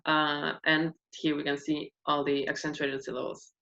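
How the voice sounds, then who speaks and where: A woman's voice: deep voice, level tone, normal speed, pushed and bright. A woman giving a class presentation on phonetics, explaining with frequent filler sounds. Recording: dull, lo-fi sound.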